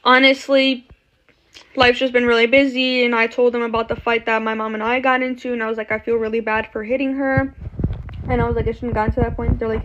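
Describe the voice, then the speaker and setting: A woman's voice: a little high, brisk, lo-fi sound, slight background noise. Young woman telling a wild storytime. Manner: swearing, animated retelling with quoted voices. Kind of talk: casual storytime.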